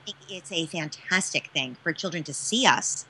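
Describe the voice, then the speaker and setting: Bright-voiced woman explaining parenting stuff, emphatic and expressive. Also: deep voice, normal speed, a little hiss or hum. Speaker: parenting expert guest. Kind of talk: interview answers.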